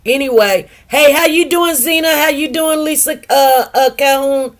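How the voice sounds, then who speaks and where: Greeting viewers by name and drawing out certain words, a middle-aged woman chats casually as a livestream host. She speaks in a high voice at normal speed.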